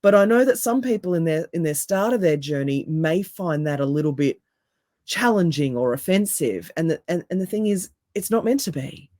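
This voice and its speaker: Deep-voiced woman, calm and emphatic. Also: moderate pace, no room sound, clean studio sound. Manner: calm, emphatic repeated phrases. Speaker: hypnotherapist and coach. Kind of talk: podcast interview guest.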